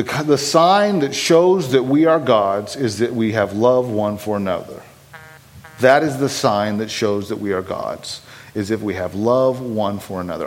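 A man's voice: medium pitch, rough recording. A man preaching a sermon, blunt and impassioned, pressing his points with rising urgency.

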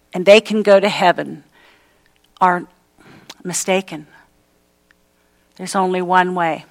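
A woman's voice: mid-range voice, poor audio. A woman preaching a sermon, emphatic and repetitive, with folksy everyday asides.

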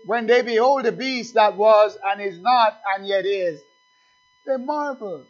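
A high-pitched male preacher delivers a sermon, calling out to the congregation and acting out little exchanges. The recording sounds dull and lo-fi. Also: a little slow. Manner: call-and-response preaching, acts out dialogues.

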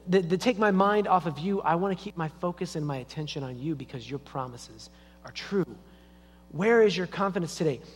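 A man's voice: sits high, slightly rough. A man preaching a sermon as a pastor in a church, in a conversational storytelling way. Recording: long reverb of a church hall.

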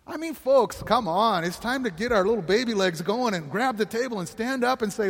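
A man's voice: high voice, expressive, brisk, big-room sound. A man preaching a sermon as pastor, conversational, often laughing and asking the congregation questions.

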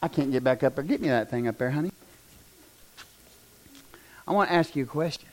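A man, preaching a fiery revival sermon in a church, swinging from shouts down to a near-whisper. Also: mid-range voice, a little fast. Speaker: pastor.

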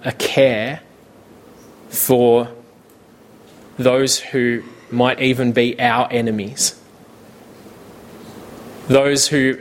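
A man preaching a sermon in a slow, measured way, with casual asides. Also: medium pitch. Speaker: pastor.

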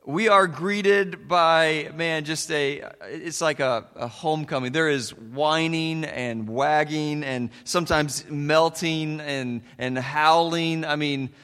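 A man's voice: a little high, takes it slowly, hardly any pauses, pushed and bright, smooth, big-room sound. A man preaching a folksy sermon as a pastor, telling stories with plenty of fillers. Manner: folksy storytelling with many fillers.

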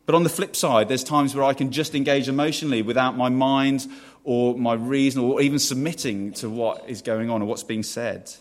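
A pastor delivers a sermon in a relaxed, conversational manner. His voice sits at an ordinary middle pitch, and he often stops to ask the congregation questions, circling back to restart his phrases. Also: moderate pace.

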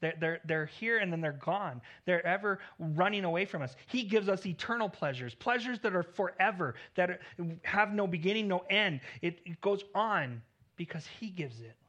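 A man preaching a sermon in an earnest tone, swelling louder on key points and dropping low at the ends of phrases. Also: expressive, normal speed, highs cut off. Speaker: pastor.

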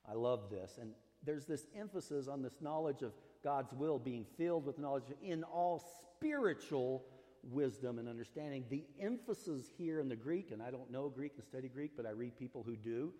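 A male pastor delivers a sermon in a mellow, relaxed voice, pressing and stretching the words he wants to land. He keeps it conversational with small asides and fillers. His voice rings with a long reverb, as in a church sanctuary. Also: medium pitch, normal speed. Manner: earnest, stresses key words, stretches them out.

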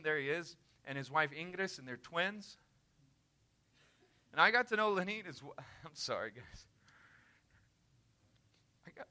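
Bright, high-voiced missionary preacher man. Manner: earnest, emphatic, conversational. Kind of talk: sermon storytelling.

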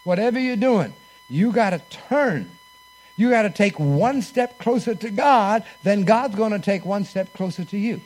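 A high-pitched man preaching in church. He tells a story from the pulpit and has the congregation repeat phrases back to him. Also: animated, normal speed, a little mellow. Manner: storytelling with call-and-response. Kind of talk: sermon.

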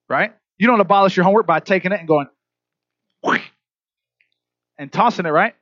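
A male pastor delivers a sermon in a chatty, conversational manner, prompting the congregation to fill in words. His voice sits fairly high. The sound is dry and a bit muffled. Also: brisk, fairly bright tone, no room sound.

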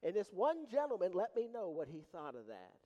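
A man preaching a sermon as pastor, animated, with dramatic pauses and rising emphasis. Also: sits high, big-room sound, muffled recording.

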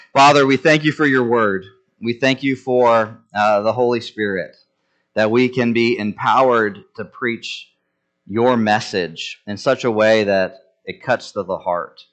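A man's voice: lowish voice, a bit bright. A man preaching a sermon as pastor, folksy and conversational, joking at his own expense and acting out the dialogue of the story. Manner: folksy and conversational, with self-deprecating jokes; acts out biblical dialogue in different voices.

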